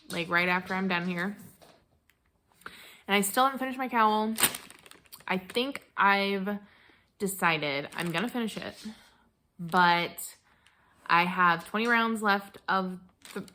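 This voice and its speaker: A woman's voice: medium pitch, sharp tone. A woman knitting vlogger chatting casually and gushing, with lots of fillers and restarts. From American Midwest. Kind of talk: casual chat.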